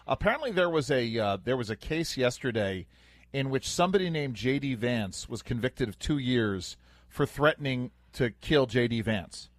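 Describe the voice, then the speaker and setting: Brief: male talk radio host, halting, full of fillers, mid-pitched, dry close studio sound. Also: expressive, no room sound. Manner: halting, many fillers and restarts. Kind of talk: casual talk radio chat.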